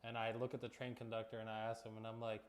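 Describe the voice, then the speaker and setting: A man hosting a casual cooking vlog, telling relaxed, joking stories as he cooks and eats in his home kitchen. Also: lowish voice, quick pace, a little hiss or hum. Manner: relaxed storytelling with jokes. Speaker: cooking vlogger.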